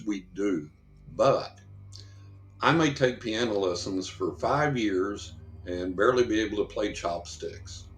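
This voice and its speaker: A man's voice: sits low, roomy sound. A man, a psychic investigator guest, telling rambling anecdotes in an interview and acting out the voices of people he quotes. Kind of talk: storytelling in a podcast interview.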